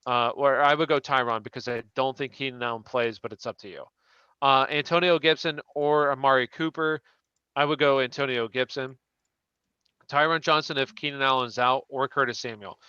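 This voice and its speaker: A man's voice: mid-range voice, steady tone, normal speed, pushed and bright, clear, resonant tone, no room sound, highs cut off. A man hosting a live question-and-answer stream, chatting casually and restarting his sentences as he answers viewers. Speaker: fantasy football show host.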